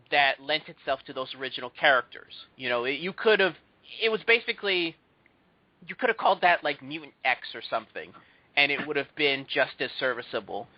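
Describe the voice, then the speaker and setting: A man's voice: fairly high pitch, no echo. A man hosting a casual podcast, chatting and ranting with strong opinions. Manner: opinionated, ranting about films. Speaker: host. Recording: muffled lo-fi audio.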